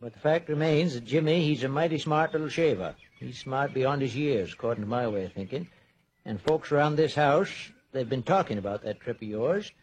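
A man's voice: mid-range voice, brisk, breathy edge, close to an everyday voice. A man playing a folksy older small-town man in a 1940s radio drama, with an easygoing drawl. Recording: dull old radio transcription.

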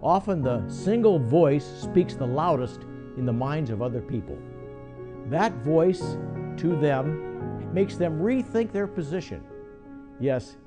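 A male priest giving a short radio devotional in a gentle, reflective way. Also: fairly high pitch.

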